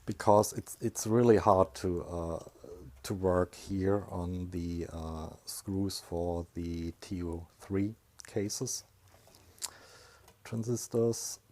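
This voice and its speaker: Slow, low-voiced man thinking aloud. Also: mellow. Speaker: electronics hobbyist. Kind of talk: workshop voice-over talk.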